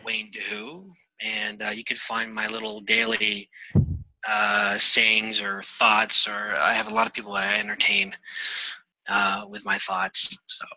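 A man, a guest on a radio show, talking in an earnest, rambling way with many pauses and fillers. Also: fairly low pitch, sing-song, creaky, bright, forceful tone, no room sound, poor audio. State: getting emotional. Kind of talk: casual interview chat.

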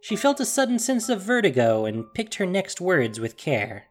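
A narrator reading a fantasy story aloud in an expressive, dramatic storytelling manner. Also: mid-range voice, moderate pace, faint music behind. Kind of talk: scripted audiobook narration.

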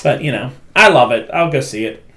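A man's voice: medium pitch, expressive, fairly quick, fairly bright tone. A man hosting a casual pop culture podcast, telling stories animatedly and mimicking comedians' lines. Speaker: podcast host.

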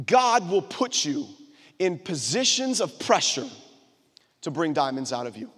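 A man's voice: on the high side, sing-song, unhurried, a bit bright, slightly rough, long reverb tail. A man preaching a sermon to a live congregation, emphatic and repetitive, calling on the audience to answer back. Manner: emphatic, repeats call-and-response phrases to the crowd.

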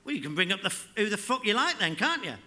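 A man's voice: sits high, very animated, quick pace, sharp tone, voice pushed up, full character voice. A man reading the part of a cocky, stoned teenage boy who boasts in a swaggering, sweary way.

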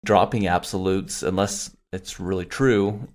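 A young adult man co-hosting a casual podcast chat, talking in a searching, halting way full of "you know". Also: low-pitched, level tone. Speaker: podcast co-host.

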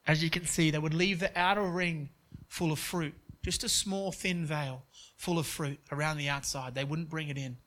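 A man's voice: fairly high pitch, bright, forceful tone. A young man preaching, telling a story in an earnest way with frequent restarts. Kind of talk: sermon story.

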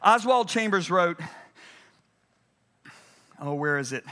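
A man preaching a sermon with a high, bright, forceful voice. He pushes words hard at the peaks, then sinks into hushed passages. His delivery is emphatic and dramatic throughout. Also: expressive, slow pace. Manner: emphatic, swings from loud urgent peaks to hushed low passages.

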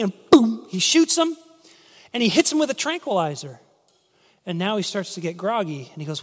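A man preaching a sermon, telling stories in an animated way and acting out the voices in quotes. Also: extremely high pitch, brisk. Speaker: pastor. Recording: long hall reverb.

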